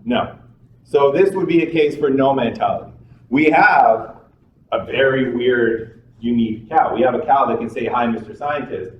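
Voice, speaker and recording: A man's voice: medium pitch, moderate pace, lo-fi sound. A man giving a psychology lecture in a classroom, talking in a conversational way, repeating himself and putting questions to the class. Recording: echoey room from a distance, faint noise.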